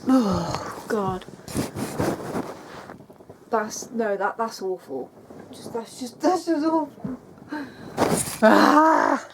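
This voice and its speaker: A woman's voice: on the high side, animated, slow, pauses often, noisy background. A woman, vlogging in a rambling, self-mocking way from an airbed in her bedroom. She is burnt out and tearful, and laughs often. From England. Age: 20s. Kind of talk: casual confessional vlog.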